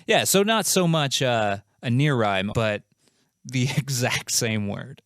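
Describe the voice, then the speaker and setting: A man hosts a comedy quiz, reading each question with a playful, self-mocking humour. His voice is smooth and resonant at an ordinary middle pitch. The sound is close and dry, with no room in it. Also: lively intonation, slow pace, fairly bright tone, no room sound. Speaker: quiz show host.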